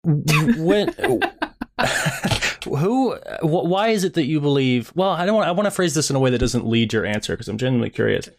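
A man asking careful, gentle questions in a calm conversation, phrasing things with hesitant restarts. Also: on the high side, fast talker, gravelly, hardly any pauses.

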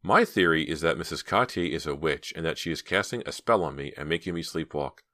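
A man voicing teenage girls in an audiobook, raising his voice above his own low register for their dialogue. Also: lively intonation, a little fast, no room sound, clean studio sound, full character voice. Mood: chatty. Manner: lifts his voice higher and louder for the girls.

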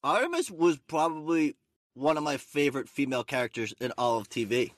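A man's voice: fairly high pitch, lively intonation, brisk, no room sound, clean studio sound. A young man hosting a podcast, chatting in a brash, teasing way and swearing freely. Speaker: podcast host. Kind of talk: casual chat.

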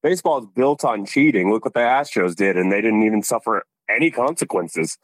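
A man's voice: lowish voice, lively intonation, a little fast, no echo. A man as a guest on a casual chat, blunt and slangy, often saying dude. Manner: blunt, slangy, says dude and bro a lot.

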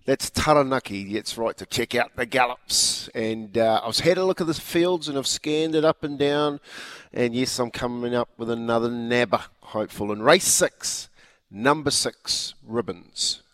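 A man's voice: medium pitch, measured pace, fairly bright tone, no echo. Kiwi male radio presenter, conversational racing update, dry studio sound. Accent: New Zealand.

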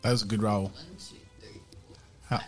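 A man's voice: on the low side, fairly even intonation, a little slow, soft background music. A man playing a tabletop game, chatting casually and joking. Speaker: player.

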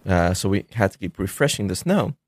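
A man's voice: low-pitched, very animated, a little fast, no room sound, studio quality. A middle-aged man, a filmmaker guest, telling stories in casual chat, rambling with many fillers and restarts.

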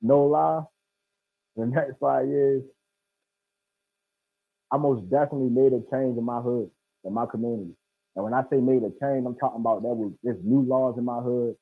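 A man's voice: mid-range voice, steady tone, slightly rough, no echo. Laid-back young man, tinny sound. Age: 20s. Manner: laid-back, slangy, slow and earnest. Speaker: guest, nonprofit founder. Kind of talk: casual interview.

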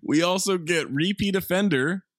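A man's voice: sits high, moderate pace, dry recording, clean studio sound. A man hosting a casual comedy podcast, running through cast lists with playful emphasis. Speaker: podcast host.

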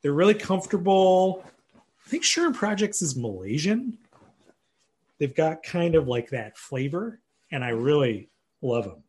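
A man's voice: on the high side, big pitch swings, a little slow, a little mellow, husky. A man chatting casually as a podcast guest, easygoing and self-deprecating, laughing often. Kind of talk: casual chat.

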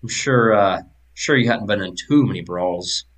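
A man's voice: on the low side, normal speed, fairly bright tone, pitched below the performer's own voice. A man voicing a friendly, talkative male tavern keeper in a tabletop game, speaking in a folksy, eager way.

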